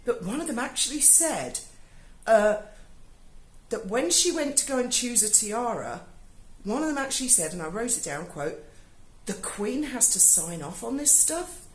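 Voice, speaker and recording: A woman's voice: fairly high pitch, sing-song, moderate pace, reverberant, slight background noise, poor audio. A British woman, giving a sarcastic, sweary video review monologue. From Britain. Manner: sarcastic, swears freely, mocking asides. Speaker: YouTuber. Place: home in Spain.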